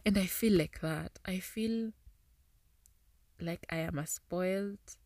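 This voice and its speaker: A woman's voice: fairly low pitch, takes it slowly, a little mellow, no echo, studio quality. A woman hosting a casual podcast, reading a passage aloud and reacting with chatty asides and frequent laughter. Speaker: podcast host.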